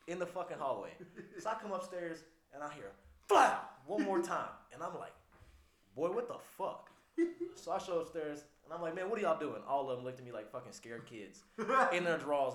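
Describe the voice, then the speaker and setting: A man's voice: medium pitch, fast talker, echoey room. A man co-hosting a casual podcast, telling a rowdy story with lots of swearing and laughter. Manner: profane, laughing, animated storyteller. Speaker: podcast co-host.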